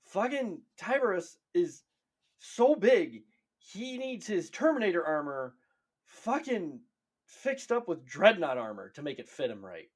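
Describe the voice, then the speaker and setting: A man co-hosting a casual podcast, excitable and profane, stretching words for emphasis. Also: high-pitched, unhurried. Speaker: podcast co-host. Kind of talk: casual chat.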